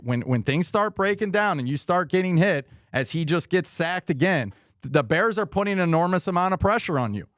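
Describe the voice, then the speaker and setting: A man's voice: sits high, expressive, brisk, a bit bright, dry recording, studio quality. A man hosting a live football watch party stream, giving rambling, frustrated commentary on plays and reading viewer comments aloud. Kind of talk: live game commentary and chat.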